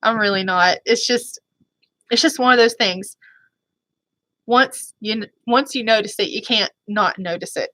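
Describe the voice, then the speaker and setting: Woman vlogger, bright higher voice, chatty and apologetic, dry close mic. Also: measured pace, no room sound. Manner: chatty, rambling, often apologetic. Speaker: beauty vlogger. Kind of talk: casual chat.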